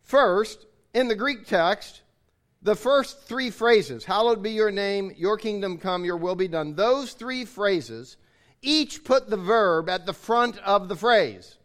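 A man's voice: sits high, lively intonation, slow pace, fairly bright tone. A man preaching a sermon, explaining his points in an earnest way and restating them.

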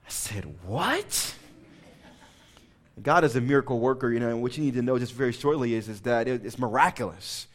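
Guy preaching in church, animated story mode, keeps asking the crowd stuff, mid-pitch voice. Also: quick pace, few pauses. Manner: animated storytelling with asides to the congregation. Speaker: pastor. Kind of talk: sermon with personal story.

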